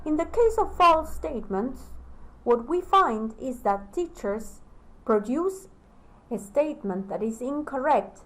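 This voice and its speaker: A woman whose first language is Spanish, giving a recorded lecture to teacher trainees. She talks slowly and deliberately, pausing between phrases. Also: high voice, expressive, a bit bright, low-quality recording.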